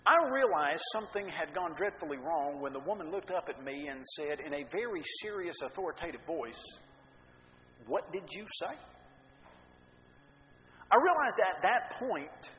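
A man telling a story from the pulpit in an animated, self-mocking way. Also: sits high, moderate pace, a little hiss or hum. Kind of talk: sermon storytelling. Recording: dull echoey hall recording, faint ambience.

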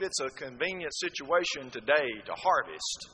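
A man's voice: medium pitch, animated, normal speed, pushed and bright, long reverb tail, rough recording. A man preaching a sermon, telling folksy stories with rhetorical asides.

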